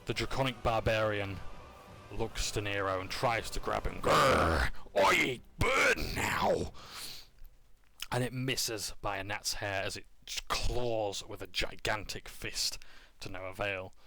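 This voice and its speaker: A man's voice: lowish voice, steady tone, measured pace, pushed and bright. A man casually recapping a tabletop game session, joking and correcting himself as he goes. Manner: casual, with fillers, jokes and self-corrections.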